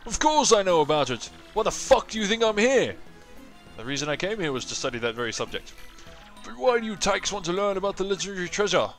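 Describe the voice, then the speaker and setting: A man plays an absent-minded old goomba professor, bellowing and theatrical. The voice is raised and bright, full of bluster. Faint game music hums behind. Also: sits high, very animated, fast talker, voice pushed up, full character voice. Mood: indignant.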